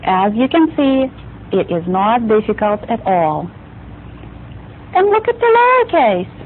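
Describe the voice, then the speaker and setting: Slow, patient woman teaching words. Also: fairly high pitch, big pitch swings, narrow, tinny audio, a little hiss or hum. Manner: patient, drills words slowly and repeats them. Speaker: language teacher. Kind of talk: slow, clear vocabulary lesson.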